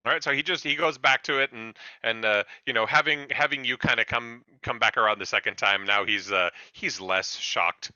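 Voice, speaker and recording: A man's voice: mid-range voice, normal speed, hardly any pauses, pushed and bright, no room sound, muffled recording. A man narrating as game master of a tabletop game, rambling along with many fillers and restarts.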